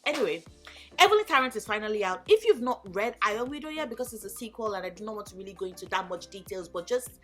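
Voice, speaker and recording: A woman chatting casually in a vlog, animated and gushing, swearing freely. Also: a little high. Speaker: book YouTuber. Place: home in Lagos.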